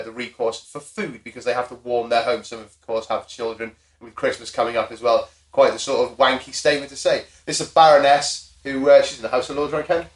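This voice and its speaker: Sardonic man in an echoey room. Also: medium pitch. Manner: sardonic, crude. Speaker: podcast host. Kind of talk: casual chat.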